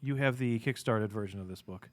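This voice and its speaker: A man's voice: lowish voice, brisk. A man hosting a casual podcast in a comic shop, teasing his co-hosts and reading out viewer comments. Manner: joking, teasing. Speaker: podcast host. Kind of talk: casual chat.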